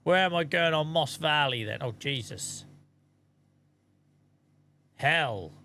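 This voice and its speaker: A man's voice: on the high side, expressive, slow pace, bright, forceful tone. Chatty man streaming a game. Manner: chatty, thanks viewers, mutters asides to himself. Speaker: live streamer. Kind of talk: casual live-stream chat while gaming.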